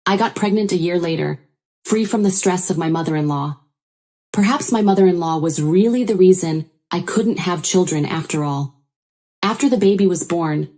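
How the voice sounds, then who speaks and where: A woman narrating a first-person family drama story, even and matter-of-fact. Her voice is fairly low.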